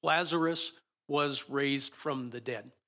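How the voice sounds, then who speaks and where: A man's voice: mid-range voice, slow, bright, forceful tone. A man preaching a sermon in a conversational, musing way, often restarting his sentences.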